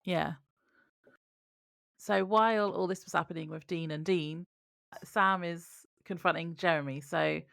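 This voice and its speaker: Deep, gravelly-voiced woman chatting. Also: a bit bright, dry recording, studio quality. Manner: loose, hesitant phrasing with fillers and self-corrections. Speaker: podcast co-host. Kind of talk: casual chat.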